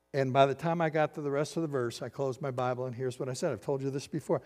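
An older man preaching a sermon as pastor, swinging from loud emphatic lines to quiet hushed ones. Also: medium pitch, a little fast, few pauses. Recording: long hall reverb.

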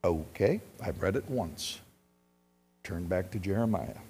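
A man preaching a sermon as pastor, swinging from loud exhortation to quiet personal storytelling. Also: deep voice, expressive, a little slow. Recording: long reverb with faint music.

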